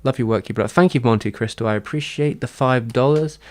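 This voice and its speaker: A man's voice: mid-range voice, brisk. A man chatting casually on a livestream, answering his chat in a rambling, hesitant way with many fillers and restarts.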